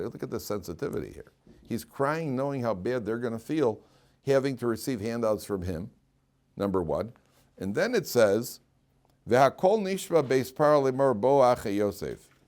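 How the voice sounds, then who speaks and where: A man teaching a Torah class as a rabbi, animated and storytelling, acting out quoted lines with frequent restarts and laughter. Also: mid-range voice, moderate pace. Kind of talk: lively Torah lecture.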